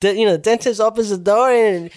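Young guy rambling thru a story, swearing a lot, kinda high voice, dry sound. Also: quick pace, darkish tone, no echo. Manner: rambling, profane retelling with restarts. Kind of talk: casual chat.

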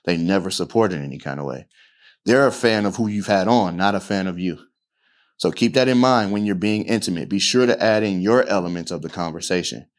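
A man's voice: sits low, a little fast. A man coaching a workshop audience on podcasting, talking casually and often checking in with "right?". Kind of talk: casual talk to a live audience.

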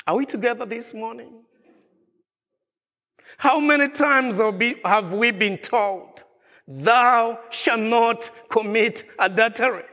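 A man's voice: very high-pitched, slow, pushed and bright, big-room sound. A man preaching a sermon as a pastor, asking the congregation question after question. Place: church.

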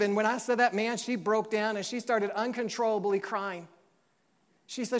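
Guy preaching, tells stories, acts out the quotes big then goes soft. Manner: animated storytelling, acts out quotes with big pitch jumps; drops soft and slow for emotional moments. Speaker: pastor. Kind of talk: sermon.

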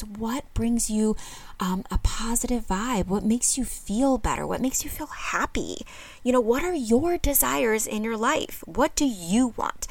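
A woman's voice: on the high side, no echo. A woman hosting a self-help podcast, talking earnestly and encouragingly to her listeners. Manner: casual with frequent fillers. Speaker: podcast host.

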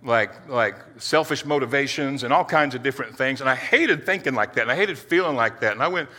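Earnest, tense-voiced preacher, echoing hall. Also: male voice, mid-range voice, lively intonation, sharp tone. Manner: earnest, halting, with many restarts. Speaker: preacher giving a testimony. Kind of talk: personal testimony sermon.

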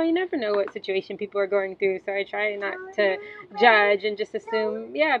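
A young woman, a mother, telling a personal story in a gentle, reflective way, later reading a prayer. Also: mid-range voice. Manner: gentle, reflective, with soft fillers. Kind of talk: casual storytelling monologue. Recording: slightly dull, faint background hiss.

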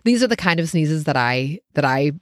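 A woman hosting her own show, telling a personal story in a casual, animated way, laughing often and jumping up in pitch when she gets excited. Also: normal speed, no echo, clean studio sound. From United States.

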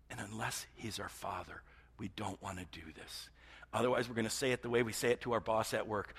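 A man preaching a sermon as pastor, moving between loud emphatic passages and hushed near-whispers. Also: mid-range voice, fast talker, breathy edge.

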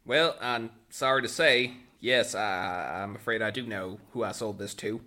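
A man's voice: lowish voice, unhurried, pushed and bright, slight background noise. A man narrating as game master on a tabletop game podcast, joking and rambling with restarts.

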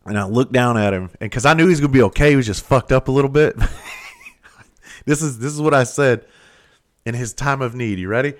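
A middle-aged firefighter telling a story in a casual monologue, blunt and profane, with no filter. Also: male voice, mid-range voice, fairly quick, pauses often. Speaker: firefighter and podcast host.

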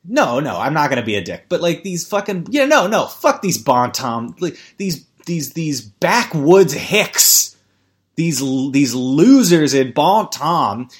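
A man's voice: fairly high pitch, very animated, slow pace. Rambling, profane podcast man. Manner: rambling, stammering, profane, jumps to mock ad reads. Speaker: podcast host. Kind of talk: rambling comedic podcast chat.

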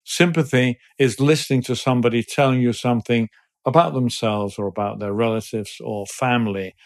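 Older man, mid-pitched, hesitant and thoughtful, interview guest. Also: fairly even intonation, a little fast. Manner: thoughtful, hesitant, many fillers. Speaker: guest, business person.

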